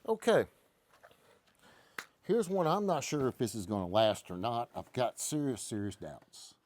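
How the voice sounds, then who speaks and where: A man's voice: medium pitch, expressive, measured pace, a little mellow. A man hosting a casual live stream from a gun shop, telling stories in a folksy, joking way. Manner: folksy, joking, rambling explanations. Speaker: host.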